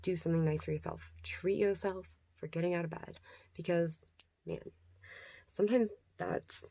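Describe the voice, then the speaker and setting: A woman's voice: fairly low pitch, steady tone, normal speed, creaky, mellow, dry recording. A young woman hosting a casual self-care vlog, rambling and chatty, laughing often and sometimes dropping into whispers. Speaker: vlogger host.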